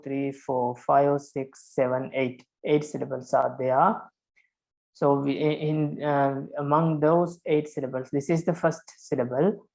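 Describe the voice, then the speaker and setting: Patient monk teaching with many pauses. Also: male voice, on the high side, darkish tone, rough recording. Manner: patient, repeats each point, frequent hesitations. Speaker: Buddhist monk teaching Pali. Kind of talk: online lecture on verse meter.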